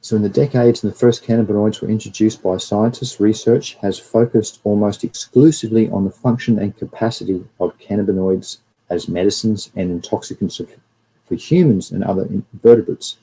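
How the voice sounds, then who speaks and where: Husky, dark-voiced Australian man. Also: fairly low pitch, fairly even intonation, brisk, low-quality recording. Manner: chatty, rambling, greets viewers between slides. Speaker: livestream host. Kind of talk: casual livestream lecture.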